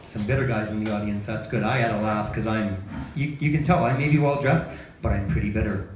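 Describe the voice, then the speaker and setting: A man's voice: lowish voice, steady tone, brisk, slight background noise. Self-deprecating stand-up man, echoey bar. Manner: self-deprecating, asks the crowd questions. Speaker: open mic comedian. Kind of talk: stand-up set, then interview answers. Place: bar comedy night. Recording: echoey bar room, faint ambience.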